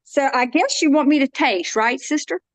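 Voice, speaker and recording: A woman's voice: high-pitched, moderate pace, dry recording. A woman, chatting casually and folksily while demonstrating a dish. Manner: chatty, folksy, self-interrupting. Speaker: cooking demo guest.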